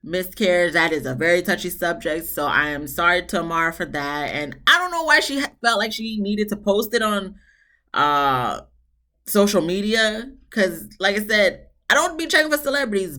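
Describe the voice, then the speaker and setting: A woman's voice: lowish voice, moderate pace. Chatty woman reviewing a reality show. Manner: chatty, animated retelling with voiced quotes. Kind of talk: casual recap commentary.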